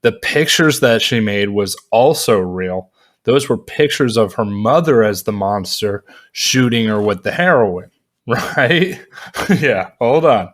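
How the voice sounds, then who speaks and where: A man casually reviewing a movie in a vlog, rambling and animated, with lots of fillers and frequent laughs. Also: on the low side, slow.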